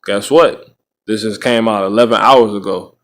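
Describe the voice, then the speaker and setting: A man's voice: lowish voice, normal speed. A man hosting a podcast of casual religious commentary, rambling, restarting phrases and tagging lines with "right?". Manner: rambling, frequent "right?" tag questions. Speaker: podcast host.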